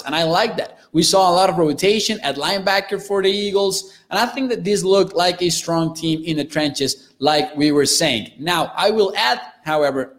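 Young mexican guy hosting a sports stream, kinda high voice, reads chat, repeats words a lot. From northern Mexico. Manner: quick, restarts and repeats words, animated. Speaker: sports podcast host. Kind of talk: live-streamed sports talk, reading chat.

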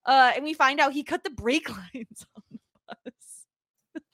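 A woman co-hosting a podcast, chatting excitedly and giggling as she recaps a TV episode. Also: sits high, measured pace, dry recording, clean studio sound. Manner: excitable, giggly, quotes lines and hums tunes. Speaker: podcast co-host. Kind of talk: casual chat recapping a TV episode.

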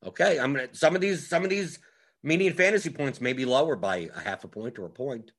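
A man's voice: medium pitch, animated, fairly quick, a bit bright. A man giving a casual tutorial on fantasy sports strategy, talking emphatically with frequent restarts.

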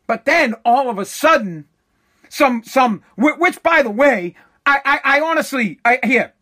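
Fired-up ranter with a high, sharp voice, swearing through an angry political monologue. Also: lively intonation, unhurried. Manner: heated, profane, repetitive with restarts. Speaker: political commentator. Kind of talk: angry political rant to camera.

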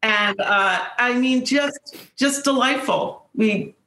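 A woman, an actress guest, telling an animated behind-the-scenes story with quick quoted lines. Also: a little high, reverberant, poor audio. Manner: fast storytelling with quoted voices. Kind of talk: animated anecdote.

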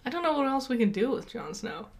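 A woman co-hosting a podcast in casual chat, talking in a lively way and laughing often. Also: high voice, fast. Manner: chatty, laughs often, animated opinions. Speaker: podcast co-host.

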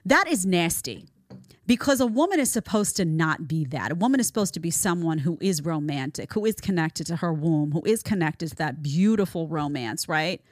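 A woman host delivers reaction commentary in a fairly low voice, pressing her points and repeating phrases for weight. The sound is close and dry, with no room around it. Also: expressive, normal speed, dry recording. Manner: emphatic, repeats phrases for stress. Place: studio in Florida.

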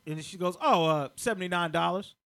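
A man telling a comic story in a podcast chat, laughing, swearing and acting out other people's voices. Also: brisk. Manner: loud laughing delivery with sudden pitch jumps. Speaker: comedian guest.

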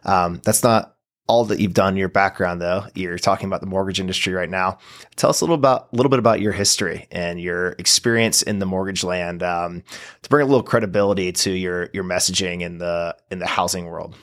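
A man's voice: low voice, steady tone, a little fast, fairly bright tone. A man hosting an interview, prompting his guest in a conversational way. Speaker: podcast host. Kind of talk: interview questions.

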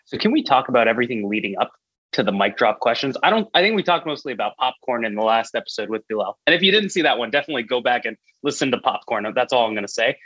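A host of ordinary pitch rattles off quick, husky questions. His voice sounds dry and somewhat dull, as if recorded on a low-fidelity mic with no room echo. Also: expressive, pushed and bright. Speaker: podcast host. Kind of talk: casual chat.

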